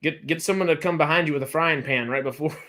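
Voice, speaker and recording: A man's voice: fairly high pitch, fast, fairly bright tone. A man from Texas hosting a casual livestream chat, rambling with frequent restarts and fillers. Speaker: host.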